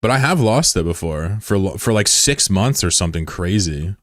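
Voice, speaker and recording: A man in his thirties from the United States, chatting casually on a live stream with swearing and sudden high yelps of surprise. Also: animated, normal speed, no echo, clean studio sound. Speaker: game streamer.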